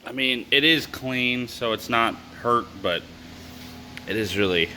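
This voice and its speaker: A man with a hoarse voice, chatting casually with lots of fillers as he walks through an engine cleaning for his vlog. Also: mid-range voice, unhurried, bright, forceful tone, a little hiss or hum. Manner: chatty, full of fillers and asides. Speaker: car-build vlogger. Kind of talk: casual workshop walkthrough.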